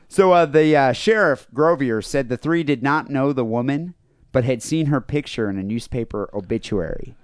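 A man's voice: medium pitch, moderate pace, clear, resonant tone, dry recording, studio quality. A man co-hosting a comedy podcast, retelling a news story in crude, joking casual chat with plenty of fillers. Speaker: podcast co-host.

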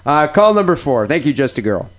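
A man's voice: a little high, sing-song, fairly quick. Nasal-voiced male podcast host. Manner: reads the call list and introduces callers. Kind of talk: crude comedic banter.

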